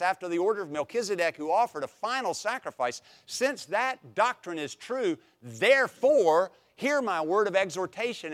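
Emphatic young man teaching a Bible class. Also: fairly high pitch. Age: young adult. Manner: emphatic, repeats phrases with rising intensity; jokes lightly with the class.

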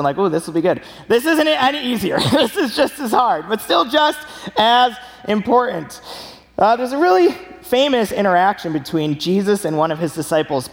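Young guy preaching, high lively voice, big echoey church hall. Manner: animated storytelling with laughs. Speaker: pastor. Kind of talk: sermon.

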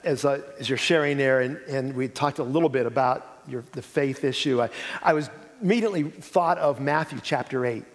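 A man retelling Bible stories in a relaxed conversational teaching style, animated storytelling. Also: medium pitch, fairly quick. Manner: animated storytelling, acts out quoted lines. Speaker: pastor. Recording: long hall reverb.

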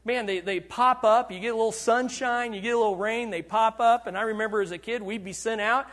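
A male pastor preaching a sermon, asking the congregation questions and swinging between loud bursts and hushed, confiding lows. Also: fairly even intonation, fairly quick. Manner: asks the congregation questions and waits for answers.

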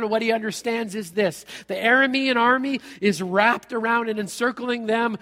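A man preaching a sermon in a church hall, telling a story with humor and acting out the characters. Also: very high-pitched. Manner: animated storytelling, acts out characters, jokey. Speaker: pastor.

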